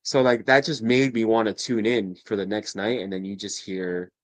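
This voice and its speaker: A man chatting as a podcast guest, excitable and profane, laughing often as he talks. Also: lowish voice, normal speed, dry recording. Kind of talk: casual chat.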